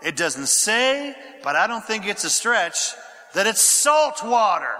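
Preacher guy with a bright high voice, asks the crowd questions, long church echo. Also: very animated, slow pace. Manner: reads scripture aloud, asks the congregation questions; drops to a whisper for quiet passages. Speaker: pastor. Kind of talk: sermon. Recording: echoey hall with long reverb.

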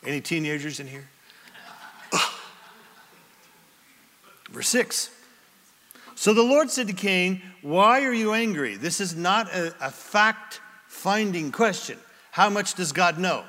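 A man preaching a sermon as pastor, with an animated, dramatic delivery and many questions put to the congregation. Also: high voice, a little slow, in a large hall. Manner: asks the congregation rhetorical questions.

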